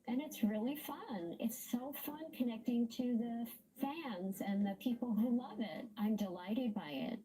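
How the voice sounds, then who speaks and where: Unhurried chatty woman, mellow voice. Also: mid-range voice, poor audio. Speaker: voice actress. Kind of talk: casual interview recollection.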